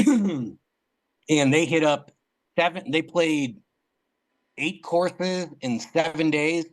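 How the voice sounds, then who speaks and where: Man, podcast guest, casual storytelling, rambling with fillers, fairly high voice. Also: slow, poor audio. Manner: rambling anecdotal telling with many fillers.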